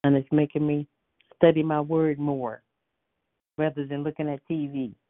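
A woman's voice: deep voice, flat delivery, moderate pace, dry recording. A woman leading a prayer line, praying fervently and repeating words of praise and thanks. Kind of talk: spoken prayer on a phone line. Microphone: phone. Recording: tinny phone line.

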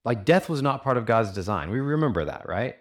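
A man's voice: medium pitch, very animated, brisk. A man pastor giving a sermon in an earnest, conversational way, asking his listeners many rhetorical questions and using casual fillers.

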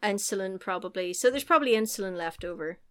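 A woman co-hosting a casual podcast who reacts with quick jokes and gasps. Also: mid-range voice, animated, a bit bright, smooth. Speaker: podcast co-host. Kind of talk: casual chat.

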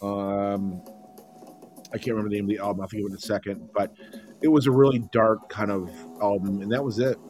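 A man's voice: fairly low pitch, brisk. A man in casual chat about rock bands, telling stories with animation. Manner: storytelling, animated.

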